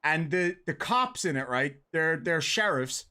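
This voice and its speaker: An Irish man hosting a casual livestream, chatting and reading out donations with quick laughs. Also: on the high side, lively intonation, bright, forceful tone, smooth. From Ireland. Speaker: host.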